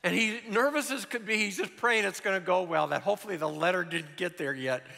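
A man in his sixties preaching a sermon, telling stories in an animated way that swings from loud to hushed. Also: high-pitched, brisk, gravelly, long reverb tail. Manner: animated storytelling, shifting between loud and hushed.

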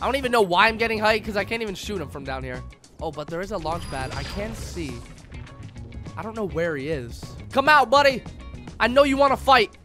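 A young man giving excited, slangy commentary while playing a video game, taunting opponents as he goes. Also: high-pitched, a little fast, music in the background. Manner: hyped, slangy, talks to opponents. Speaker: gaming YouTuber.

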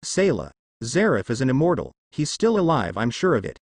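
A bitter, guarded young man from a fan story, spoken by a man in his ordinary voice. The delivery is even, with an animated pitch line, and the recording is dry. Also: brisk, dry recording.

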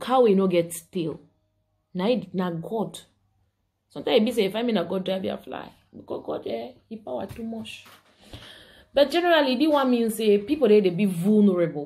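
A woman from Cameroon with a Cameroonian Pidgin English accent and a warm, mid-range voice hosts a casual vlog, chatting to her viewers. She laughs often and switches between pidgin and English.

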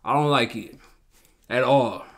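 A man's voice: mid-range voice, measured pace, fairly bright tone. A man hosting a show reaction, talking bluntly in profane slang and repeating himself in heated outbursts. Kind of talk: casual reaction commentary.

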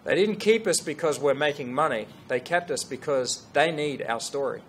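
A middle-aged man, a fashion brand founder telling a story to an audience in an earnest, animated way with restarts. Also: on the high side, normal speed, slight background noise. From Australia.

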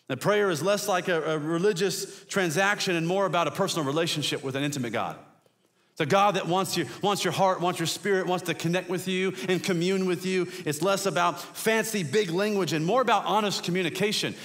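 A man preaching a conversational sermon as a guest pastor, swinging between loud emphatic peaks and quiet low asides.

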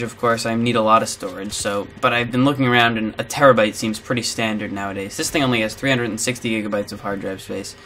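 A man's voice: medium pitch, fairly bright tone. A man hosting a gaming channel, rambling in casual commentary over gameplay with lots of filler words.

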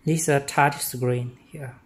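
A man giving a hands-on product demonstration, talking in halting, simple broken English with short phrases. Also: mid-range voice, steady tone, a little hiss or hum. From China.

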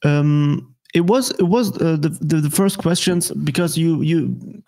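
German guest, non-native English, fairly high male voice, halting and filler-heavy. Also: expressive, creaky, dark tone. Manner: halting, many fillers and restarts. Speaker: guest political commentator. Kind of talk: casual interview chat.

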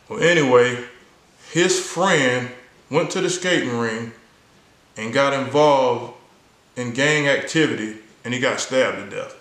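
A man's voice: medium pitch, measured pace, fairly bright tone, echoey room, poor audio. A man earnestly telling a personal story in a casual, conversational way, acting out the people he quotes. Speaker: vlogger sharing a personal story.

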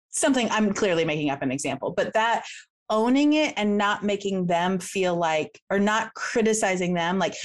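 A woman guest coach talking casually in an interview, chatty, laughing often and acting out quick quoted examples. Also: mid-range voice, expressive. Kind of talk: casual explanatory interview talk.

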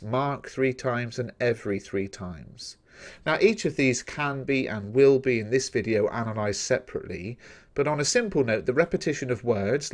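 A man with an English accent teaches a revision lesson in a methodical way. He speaks straight to his viewers at a middle pitch and explains each point in turn. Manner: steady, methodical explaining, addressing viewers directly. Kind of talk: recorded exam-revision lesson.

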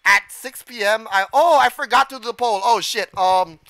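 Excitable gravelly male streamer. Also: sits high, normal speed, dry recording. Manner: excitable, gasps and shouts at the game, swears. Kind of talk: live gameplay commentary.

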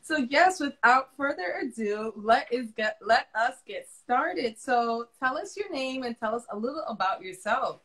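A woman's voice: on the high side, animated, a little slow, hardly any pauses, a bit bright. A woman with a Caribbean accent hosting a casual interview over a video call, talking in a chatty way with many fillers and restarts. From Florida. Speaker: interview host.

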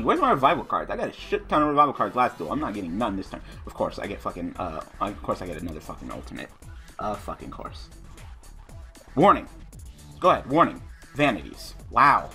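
Over faint background music, a young man with a fairly low voice commentates his online card game, talking fairly quickly with big swings in pitch and a bright, forceful tone. He mutters card text under his breath and rants angrily, cursing heavily whenever the draws go against him.

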